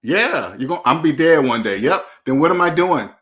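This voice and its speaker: In a brisk, lively delivery with a fairly high, fairly bright voice, a finance channel host gives a casual monologue. He's blunt and preachy in loose street slang, hammering points by repeating the same phrases over and over.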